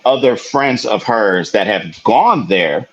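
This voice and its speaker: A man's voice: lowish voice, lively intonation, slow pace, fairly bright tone, muffled recording. A man co-hosting a podcast, telling a story in casual chat, laughing often and swearing freely. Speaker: podcast co-host.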